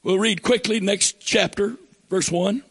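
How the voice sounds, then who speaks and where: Fervent preacher man, gravelly and husky. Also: high-pitched, measured pace. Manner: fervent preaching, swelling to shouts, reading scripture aloud. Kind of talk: sermon.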